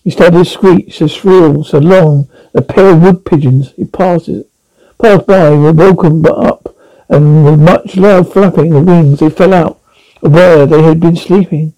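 A man reading a classic animal novel aloud, halting now and then with slips and restarts. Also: fairly high pitch, steady tone, dark tone, poor audio. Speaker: audiobook reader. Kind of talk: storybook narration.

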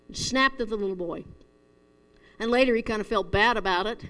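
A woman's voice: mid-range voice, brisk, fairly bright tone, clear, resonant tone. A middle-aged woman preaching a conversational sermon, earnest and storytelling, with chuckles at herself. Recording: echoey hall reverb.

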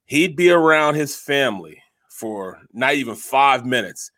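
A man's voice: mid-range voice, animated, unhurried, fairly bright tone, dry recording. A man co-hosting a sports talk show, telling stories animatedly and laughing often into a studio microphone. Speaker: sports radio co-host.

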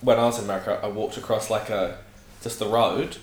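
A man in a casual chat who keeps chiming in with quick questions and short asides. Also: lowish voice, fairly even intonation. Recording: echoey room.

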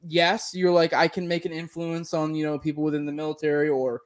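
Rambling man with a fairly high voice. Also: little pitch movement, fairly quick. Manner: rambling, filler-heavy, profane. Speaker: military veteran, podcast co-talker. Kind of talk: casual podcast chat.

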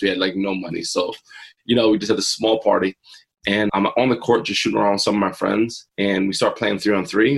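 A man's voice: sits low, creaky, breathy edge, rough recording. A man in his forties, an interview guest and mindset coach, telling a personal story earnestly and acting out his own past thoughts.

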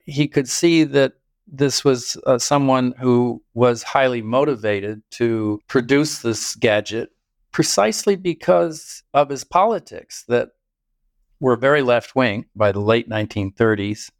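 Older guy telling history stories in an interview, smooth clear voice, dry close sound. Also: medium pitch, unhurried, no room sound. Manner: thoughtful storytelling with occasional chuckles. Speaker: biographer guest. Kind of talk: interview answers.

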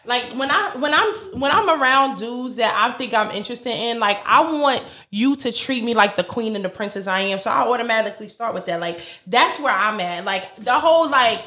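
Bright-voiced New woman, echoey room. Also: on the high side, fairly quick, few pauses. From New York. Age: young adult. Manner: animated, laughing, acts out quotes. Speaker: podcast co-host. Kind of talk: casual chat.

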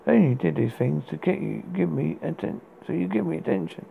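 Gravelly man reading poems over a tinny line. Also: on the high side, lively intonation. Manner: halting, stumbles and restarts words. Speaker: podcast host. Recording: tinny phone-like sound with faint hiss.

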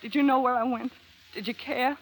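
A woman's voice: sits high, fairly even intonation, a little fast, slightly rough, poor audio. An actress playing a bitter, defiant young woman confessing a shameful past, in a blunt, slangy, scornful way. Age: young adult. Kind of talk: dramatic acting.

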